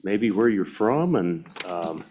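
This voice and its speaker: Low-voiced committee chairman, courteous. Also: animated, takes it slowly, background noise. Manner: courteous, informal, lots of fillers. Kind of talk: chairing a hearing.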